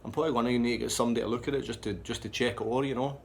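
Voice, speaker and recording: A man's voice: medium pitch, fairly even intonation, racing, gravelly, slight background noise, pitched above the performer's own voice, lightly acted. A man voicing a hesitant, placating Scottish young man with a Scottish accent. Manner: hesitant, soothing.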